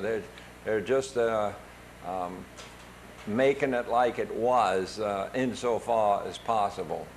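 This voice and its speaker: An older man from the United States narrating his travel photos casually, with many pauses, fillers and restarts. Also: medium pitch, slight background noise.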